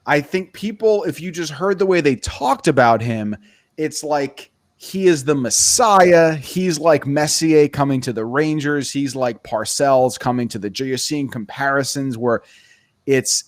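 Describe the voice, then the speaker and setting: A man hosting a sports podcast in a casual, animated, opinionated way. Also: mid-range voice, no echo, studio quality. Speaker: podcast host.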